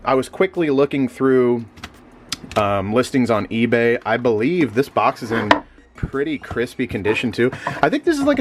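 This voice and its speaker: Sleepy rambling young man. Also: noisy background. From Missouri. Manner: rambling, filler-heavy, animated jumps in pitch. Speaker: eBay reseller vlogger. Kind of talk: casual chat.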